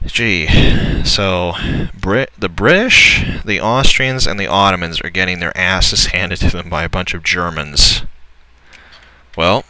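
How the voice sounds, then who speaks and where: A man's voice: deep voice, slow pace, bright, forceful tone, smooth, dry recording, low-quality recording. A young man commenting on a strategy game as he plays, grumbling and swearing at the computer opponents. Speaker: let's player. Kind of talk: gameplay commentary.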